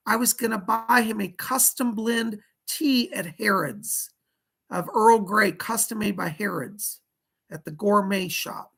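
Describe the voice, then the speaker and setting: A man's voice: high-pitched, unhurried, vocal fry, fairly bright tone, husky. A man hosting a casual psychic livestream, chatty and fussy, greeting viewers and scolding a pet companion.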